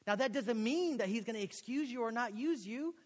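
A young man from Texas, a pastor preaching a sermon in a college chapel, telling a story and acting out the dialogue with lively, casual energy. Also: very high voice, brisk. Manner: animated storytelling, acts out quoted dialogue. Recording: long hall reverb.

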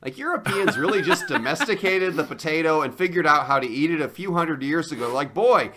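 A man's voice: fairly high pitch, expressive, fairly quick, crowd noise. A young adult man co-hosting a comedic debate, lecturing earnestly and with enthusiasm. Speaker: podcast co-host.

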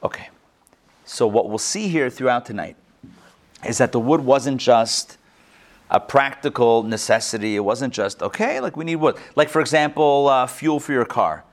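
A man's voice: mid-range voice, lively intonation, moderate pace. A man casually teaching a study class, asking the group questions and making joking asides.

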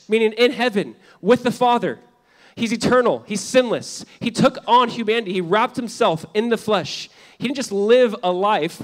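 A man preaching a sermon as pastor, animated and conversational, switching between loud emphatic lines and hushed ones, with casual fillers and wry asides. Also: high voice.

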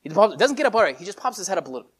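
A preacher giving a sermon in casual, animated storytelling with many filler words. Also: mid-range voice, rapid-fire, husky.

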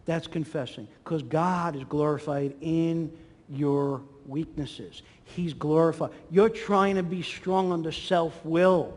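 A man preaching a sermon in a church hall, animated and acting out the voices in his stories. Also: slow. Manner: animated, acts out quotes with swings in pitch and volume. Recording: long hall reverb.

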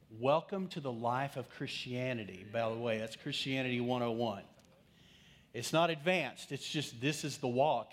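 A middle-aged male pastor preaching in a storytelling style, chatty and direct with his congregation. His voice sits in an ordinary middle pitch, rising with lively asides and dropping to a hush for the serious parts. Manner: conversational, swings from lively to hushed. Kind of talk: storytelling sermon.

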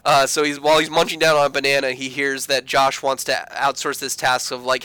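Animated man recapping with a bright voice. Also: medium pitch, brisk, few pauses, smooth, no room sound, rough recording. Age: 30s. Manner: animated, acts out characters in quoted voices, swears. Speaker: podcast co-host. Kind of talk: casual recap chat.

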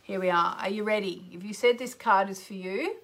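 A woman's voice: brisk, vocal fry, a bit bright. Woman, astrology radio host, chatty, gushing, exclaiming, greets listeners by name. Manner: exclamatory, with sudden upward leaps in pitch. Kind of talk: live radio call-in chat.

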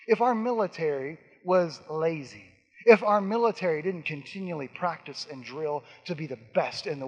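A man preaching a sermon emphatically, repeating key lines and swinging from soft to loud. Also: a little high, muffled recording. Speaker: pastor. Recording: long hall reverb.

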